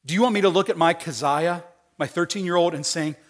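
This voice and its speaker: A middle-aged male pastor preaching with a voice sitting a little higher than most men's. He acts out the voices he quotes and moves from soft, hushed passages to sudden loud, pointed outbursts. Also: fairly quick. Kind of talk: sermon.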